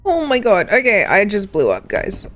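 A woman's voice: medium pitch, wildly swooping pitch, normal speed, a bit bright. A woman streamer giving live commentary on her gameplay, laughing often and calling out to other players and her chat.

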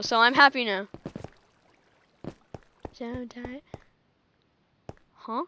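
A woman's voice: sits high, takes it slowly, a bit bright, lo-fi sound, slight background noise. A woman giving casual gameplay commentary, chatting to herself and laughing often as she plays. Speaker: gaming channel host.

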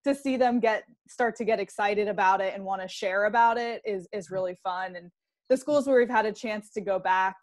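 A woman's voice: mid-range voice, brisk. A woman hosting an interview, chatting enthusiastically and acting out children's voices in her stories. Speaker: program host and interviewer. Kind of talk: casual interview chat.

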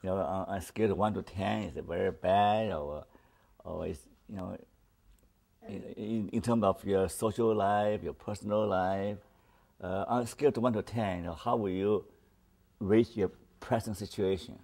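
A man acting as a therapist in a counseling demonstration, asking gentle, probing questions with frequent hesitations. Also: low voice, fairly even intonation, moderate pace, gravelly.

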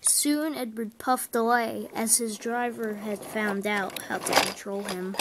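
A woman narrates a homemade toy train story slowly and plainly. Her voice sits somewhat high, and she takes her time between events. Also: steady tone, noisy background.

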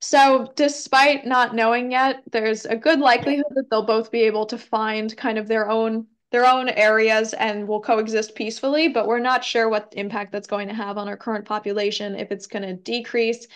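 A young woman with a slightly high voice presents an educational talk in a relaxed, conversational way. She fills pauses with ums and hedges her answers. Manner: frequent ums, hedging, conversational. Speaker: environmental educator giving a talk. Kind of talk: casual presentation with Q&A.

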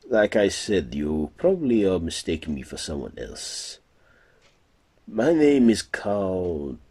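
A man voicing a suave male vampire count with a Romanian accent, low and measured. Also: big pitch swings, warm tone, slightly rough, exaggerated voice. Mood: smooth.

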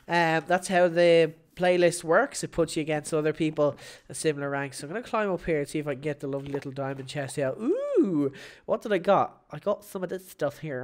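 A woman hosting her gaming channel, giving live gameplay commentary in an excitable, playful way, shouting at big moments. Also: on the low side.

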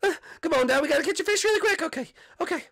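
A frantic cartoon kid, as a man puts him on, whining and stammering through a fan game role-play. The voice sits high and swoops wildly from squeal to mutter, always on the edge of panic. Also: expressive, very fast, creaky, a bit bright, full character voice. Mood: panicky. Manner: whiny and frantic, wailing and stammering. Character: panicky mischievous cartoon boy, ten years old.

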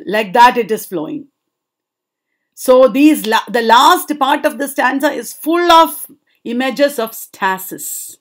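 A woman teaching a literature lesson, reading poem lines slowly and explaining them, often asking students if they understood. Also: on the high side. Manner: slow, drawn-out poetry reading with checking questions to students.

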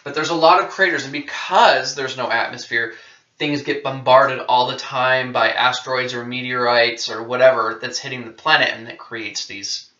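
A man's voice: medium pitch, sharp tone. A male science teacher giving a conversational classroom lecture at a whiteboard, often checking in with "okay?" and correcting himself as he goes. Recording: roomy, distant and dull-sounding.

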